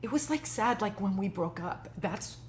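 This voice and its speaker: An actress playing a lovelorn woman, speaking in a hushed, halting, emotional way in an improv scene on stage. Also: mid-range voice, expressive, crowd noise, lightly acted. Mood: tearful. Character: tearful lovelorn woman, former lover. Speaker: improv performer. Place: theater stage.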